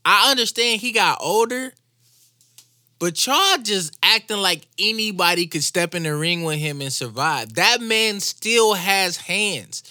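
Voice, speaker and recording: A man's voice: high voice, lively intonation, a little slow, sharp tone, dry recording, studio quality. A man co-hosting a casual chat, arguing in an exasperated way. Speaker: podcast co-host.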